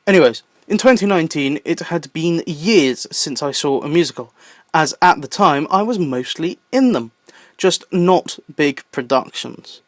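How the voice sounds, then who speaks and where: Excitable young Southern English man. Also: on the high side, a little slow, no room sound, clean studio sound. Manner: playful, excitable asides. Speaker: YouTube host. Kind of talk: enthusiastic list-video narration.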